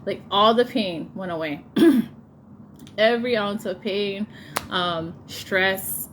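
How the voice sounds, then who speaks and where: A woman in her thirties casually telling a personal story, laughing often and getting animated when she quotes people. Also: medium pitch, takes it slowly, slight background noise. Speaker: vlogger telling a birth story.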